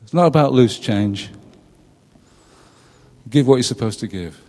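A man's voice: medium pitch, lively intonation, a little slow, a little mellow, in a large hall. A middle-aged man preaching a conversational sermon, often turning questions to his listeners. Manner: chatty, asks the congregation questions, laughs at his own jokes. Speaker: pastor. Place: church.

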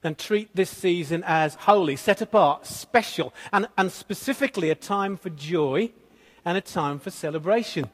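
A man preaching in a relaxed, conversational way, easing into his point through a gently funny story. His voice sits somewhat high for a man. A long reverb from the church hall trails after every phrase. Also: normal speed, husky. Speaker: pastor. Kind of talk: sermon.

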